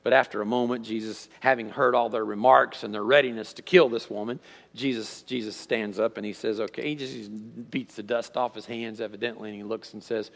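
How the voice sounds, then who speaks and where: A male pastor preaching a sermon in a conversational style, repeating words and swinging between loud emphasis and near-quiet storytelling. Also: on the low side, fairly even intonation, a little fast, vocal fry, big-room sound.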